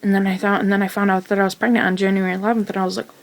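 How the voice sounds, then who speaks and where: A woman's voice: mid-range voice, flat delivery, very fast. A teenage woman telling her own story in a rambling, casual way, full of fillers and restarts. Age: teens.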